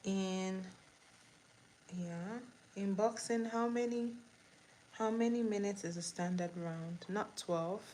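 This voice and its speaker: Slow-talking woman hosting live trivia. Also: medium pitch, mellow, a little hiss or hum, poor audio. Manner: slow, repeats questions, laughs easily. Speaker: livestream host. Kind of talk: casual live trivia chat while doing makeup.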